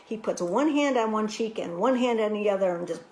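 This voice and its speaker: A woman teaching a wellness workshop, telling a personal story in an animated way with lots of "you know" fillers. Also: mid-range voice, a little fast, noisy background.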